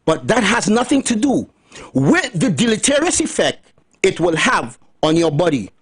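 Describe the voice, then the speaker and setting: A middle-aged man with a lilt holds forth on the radio, his voice high and husky. He swings widely up and down as he preaches, hammering points home by saying them twice and dropping folksy asides. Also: big pitch swings, moderate pace. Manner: emphatic, repeats lines for stress, folksy asides. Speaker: radio talk host. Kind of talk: preachy radio monologue on health.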